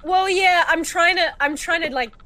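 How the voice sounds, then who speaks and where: A woman's voice: very high voice, normal speed, sharp tone. A woman in casual chat as an eager player in a tabletop role-playing game.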